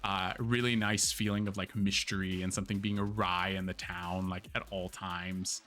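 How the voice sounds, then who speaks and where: Bright-voiced chatty male streamer. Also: sits low, level tone, normal speed. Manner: chatty, lots of fillers, candid with swearing. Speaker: streamer and host. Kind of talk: casual live-stream game review.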